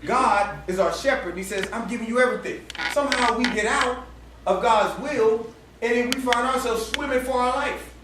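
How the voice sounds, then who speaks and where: Animated preacher man, high voice, echoey hall. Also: normal speed, background noise. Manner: animated, laughing storyteller with colloquial speech. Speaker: campus ministry preacher. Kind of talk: storytelling sermon. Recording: echoey room heard from far off.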